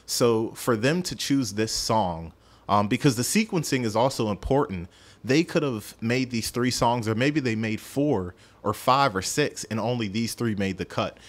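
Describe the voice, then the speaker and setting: A man's voice: mid-range voice, expressive, normal speed. A man hosting a podcast, chatting casually through a music review in a rambling, self-deprecating way and stumbling over his words. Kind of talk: casual solo review chat.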